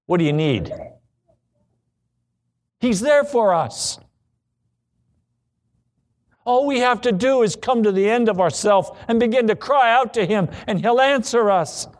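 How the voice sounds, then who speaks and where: A man preaching a sermon, acting out pleading prayers and quoted voices, then dropping low for repeated refrains. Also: unhurried, pauses often.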